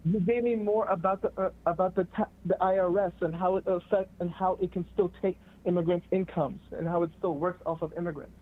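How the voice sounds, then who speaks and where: A man's voice: high-pitched, steady tone, brisk, few pauses. Guy calling in on a crappy phone line, defensive, keeps repeating himself and stumbling. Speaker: caller. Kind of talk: heated call-in argument.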